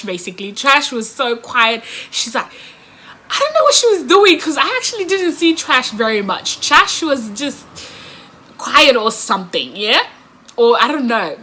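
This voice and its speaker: A woman telling a story casually to camera, animated, often laughing and acting out what others said. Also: fairly high pitch. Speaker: vlogger.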